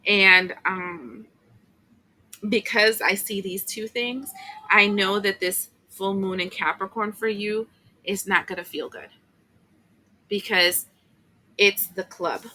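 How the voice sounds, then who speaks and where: A woman's voice: medium pitch, fairly even intonation, slow pace, pauses often, bright, forceful tone, rough recording. A woman giving a casual, chatty tarot reading, emotional at times, with many fillers and asides. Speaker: tarot reader.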